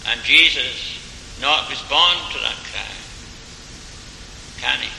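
A male preacher speaks slowly and earnestly, his bright, gravelly voice carrying through a church hall with a long echo. Faint room ambience sits behind him. He leans into rising questions, then eases into a quieter prayer. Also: mid-range voice. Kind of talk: sermon with closing prayer.

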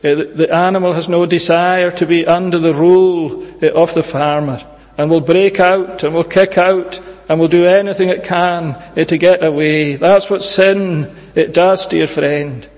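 A man preaching a sermon in a church, earnest and measured, pleading with his hearers and pausing often on "eh". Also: a little high, fairly even intonation, darkish tone, big-room sound.

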